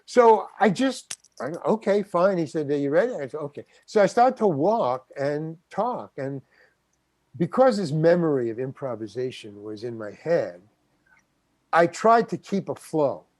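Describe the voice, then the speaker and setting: Older guy spinning a yarn, slightly high voice, acts out the lines, dry close sound. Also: measured pace, no room sound. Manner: animated storyteller acting out quotes. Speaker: guest actor. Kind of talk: anecdotal storytelling.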